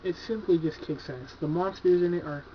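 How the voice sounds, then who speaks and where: A man with a fairly high voice talks through his horror movie shelf in a loose, rambling way, cursing cheerfully as he goes. The sound is dull and lo-fi, like an old home video, with a faint hiss underneath. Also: brisk. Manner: laid-back, profane, enthusiastic, filler-heavy. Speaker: horror movie collector reviewing his purchases. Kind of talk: casual video review.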